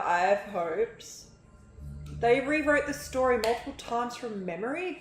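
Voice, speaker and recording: A woman's voice: mid-range voice, animated, normal speed, soft background music. A young woman streaming a game, chatting in a rambling, giggly way. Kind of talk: casual live-stream chat while gaming. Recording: roomy, echoey room sound.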